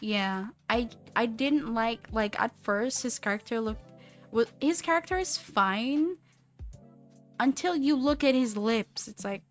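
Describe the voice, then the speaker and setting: A young woman in her twenties chatting casually on a live stream while she draws, rambling and animated with lots of "like". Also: a little high, measured pace, faint music behind. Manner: rambling and animated, heavy use of "like". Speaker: streamer and artist.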